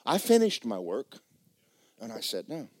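A male preacher voicing God as a calm, blunt, matter-of-fact divine voice. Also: medium pitch, a little slow, slightly rough, no room sound, studio quality, exaggerated voice.

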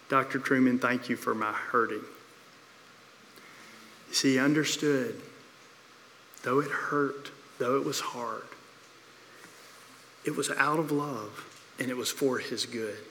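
Pastor preaching with bright hall reverb. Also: male voice, medium pitch, a little hiss or hum. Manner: storytelling with repeated phrases, dramatic pauses. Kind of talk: sermon. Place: church sanctuary. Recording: long reverb of a church hall.

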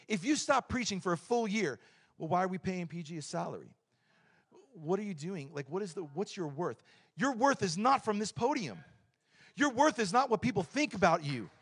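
A middle-aged man preaching a lively, joking sermon in a church, swinging between loud points and quiet asides. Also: fairly high pitch. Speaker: pastor.

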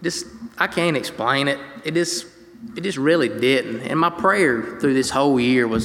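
A young man from North Carolina tells his faith story to a congregation in an earnest, conversational way. His voice sits at a middle pitch and carries the long reverb of a big hall. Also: measured pace, a bit bright. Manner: earnest, conversational, reads scripture aloud. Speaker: speaker giving a faith testimony. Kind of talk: personal testimony to a congregation.

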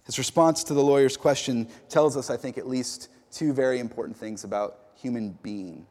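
A man delivers a sermon as the community's pastor. He talks in an easygoing, chatty way, stumbling and repeating words as he tells a story. His voice sits at an ordinary middle pitch and carries a long reverb from a large hall. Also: moderate pace, a little mellow. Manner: conversational storytelling with fillers and repeats.

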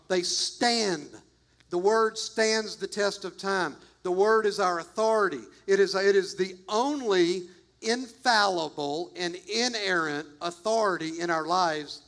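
A man's voice: sits high, fairly bright tone. A man preaching a sermon as pastor, emphatic and repetitive, talking straight to his congregation.

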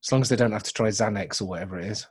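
Rambling podcast co-host. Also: male voice, fairly low pitch, very fast, slightly rough. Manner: rambling, joking, with many restarts. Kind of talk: casual chat.

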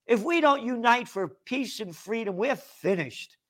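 A man's voice: very high-pitched, animated, measured pace, a bit bright. A man hosting a political talk show, rambling and indignant, with many restarts and fillers. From United States. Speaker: host.

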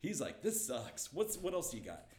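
Animated young man telling a story. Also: on the high side, normal speed, reverberant, background noise. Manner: lively, laughing, acts out quotes. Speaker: comedian guest.

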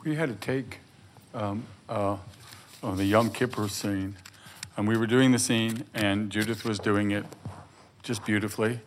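An older man on stage talking warmly and haltingly about a fellow actor's work, full of restarts. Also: lowish voice, steady tone, slight background noise. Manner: effusive, halting, many restarts. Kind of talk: conversational chat. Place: stage before a live audience.

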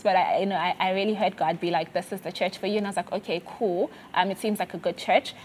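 A woman from South Africa sharing a personal faith testimony in conversation, earnest and halting with many fillers and restarts. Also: mid-range voice, steady tone, breathy edge.

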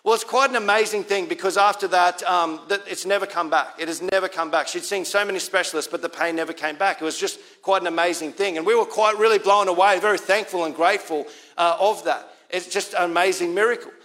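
High-voiced Australian pastor preaching. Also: male voice, fast talker, hardly any pauses, fairly bright tone. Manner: conversational, repeats key lines for emphasis. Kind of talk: sermon.

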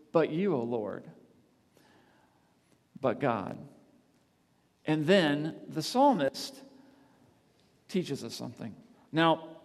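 A man preaching, earnest, reading scripture aloud and swinging from emphatic peaks to soft, quiet tones. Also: a little high. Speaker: campus ministry speaker. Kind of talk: sermon. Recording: long reverb of a large hall.

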